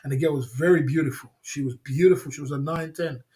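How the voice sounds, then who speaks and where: A man's voice: fairly high pitch, steady tone, quick pace, mellow. Rambling man telling a story on a livestream. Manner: rambling, repetitive, chuckles often, talks to the chat. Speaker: livestream host.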